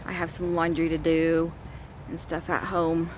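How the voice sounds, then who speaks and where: A woman's voice: lowish voice, completely flat delivery, measured pace, slight background noise. A woman chatting casually to her vlog audience on a park trail, a bit out of breath and exasperated. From US state of Georgia. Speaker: vlogger. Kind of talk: casual vlog talk to camera.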